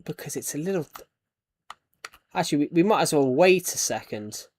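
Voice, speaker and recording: A man's voice: a little high, lively intonation, moderate pace, darkish tone. A young man with a British accent, chatting casually as he streams a game and thanks viewers. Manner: chatty, thanks donors, trails off in restarts. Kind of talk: casual live-stream chat.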